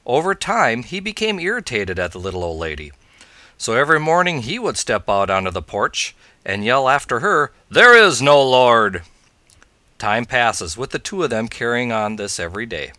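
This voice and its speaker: A man hosting a scouting show, calmly talking through advice and telling a joke story. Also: on the low side, moderate pace, no echo. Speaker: scoutmaster, podcast host.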